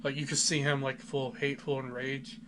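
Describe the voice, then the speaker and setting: A man's voice: medium pitch, level tone, a little fast. A man co-hosting a casual podcast who talks in an enthusiastic, rambling way and fills his speech with "like.". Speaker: podcast co-host. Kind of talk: casual chat. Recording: noisy home recording.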